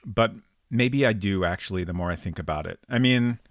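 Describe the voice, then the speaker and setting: A man with a fairly low voice plays through a detective game on stream and thinks aloud as he goes. His casual commentary wanders and muses, with plenty of ums. The recording is close and dry. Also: brisk, dry recording. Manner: thinks aloud, rambling and musing with frequent ums. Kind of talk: casual let's-play commentary.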